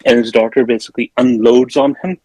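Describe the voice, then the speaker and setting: A man hosting a casual film-review podcast, loosely rambling through the plot with plenty of fillers. His voice sits at an ordinary middle pitch. The sound is close and dry, with no room around it. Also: steady tone, fast talker, a little mellow, dry recording, rough recording. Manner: retells scenes with acted-out quotes. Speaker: podcast host.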